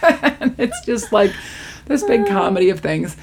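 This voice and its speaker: A woman's voice: medium pitch, sing-song, measured pace, vocal fry, a little mellow. A woman co-hosting a casual chat, animatedly retelling a sitcom episode and acting out the characters' lines.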